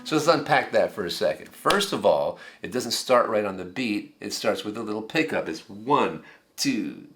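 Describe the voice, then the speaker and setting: Brisk and lively in intonation, with few pauses, a middle-aged man runs a songwriting workshop, explaining conversationally and using the piano for examples. His voice is on the low side with a fairly bright tone.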